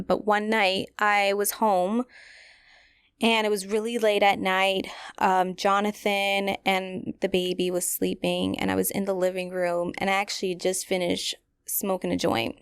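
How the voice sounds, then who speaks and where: A woman's voice: mid-range voice, smooth, no echo. A young adult woman hosting a podcast, telling a personal story in a candid, rambling way with many fillers. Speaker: podcast host.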